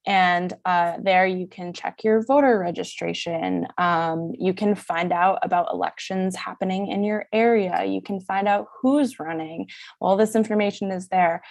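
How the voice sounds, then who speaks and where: Excited woman plugging resources on a video call, dry close sound. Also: on the low side, creaky, no room sound. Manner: eager, chatty, quick. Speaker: church advocacy staffer. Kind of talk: online panel discussion.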